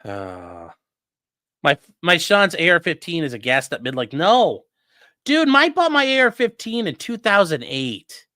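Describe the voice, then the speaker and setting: A man in his late thirties telling a story in a casual, animated and profane way as the host of a livestream, full of gun jargon. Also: a little high, measured pace, dry recording. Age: late 30s.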